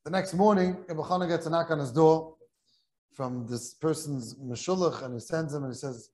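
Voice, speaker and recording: A man, a rabbi, giving a Talmud class in a kollel study hall, telling a story in an animated way and repeating words when excited. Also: a little high, moderate pace.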